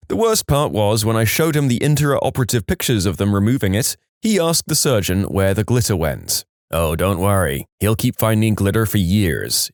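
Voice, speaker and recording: A man reading funny medical stories aloud in a wry, lively storytelling manner, with quoted voices. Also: medium pitch, no room sound, clean studio sound. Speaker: narrator.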